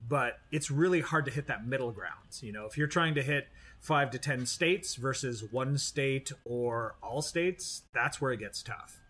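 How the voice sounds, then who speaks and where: A man co-hosting a casual drinks podcast, animated and swearing freely as he talks shop. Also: mid-range voice, measured pace, hardly any pauses, a little hiss or hum. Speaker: podcast co-host.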